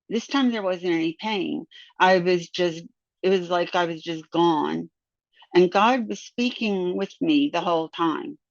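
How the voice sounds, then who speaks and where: A woman recounting a near-death experience as a personal testimony, halting and often repeating or restarting her words. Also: fairly low pitch, gravelly, no room sound. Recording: dull, dry lo-fi sound.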